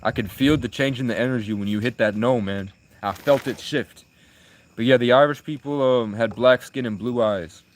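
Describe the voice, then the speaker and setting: A man's voice: mid-range voice, normal speed. A young man live streaming, chatting with viewers in rambling, crude, provocative banter. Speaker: livestreamer.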